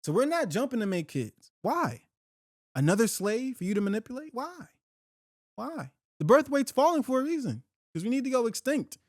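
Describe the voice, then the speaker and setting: A man's voice: very high voice, big pitch swings, normal speed, no room sound, studio quality. A middle-aged man hosting a podcast, ranting in a heated, profane, rambling way with slang and restarts. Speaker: podcast host. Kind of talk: unfiltered solo talk.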